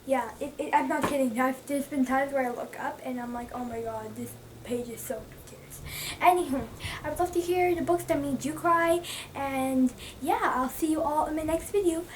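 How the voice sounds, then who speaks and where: A woman's voice: high voice, moderate pace. A young woman chatting casually to camera as a book vlogger, gushing and repeating herself for emphasis. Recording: mic at a distance, faint background noise.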